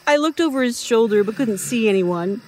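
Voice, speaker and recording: A woman narrating a first-person horror story in an expressive, measured storytelling manner. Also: a little high.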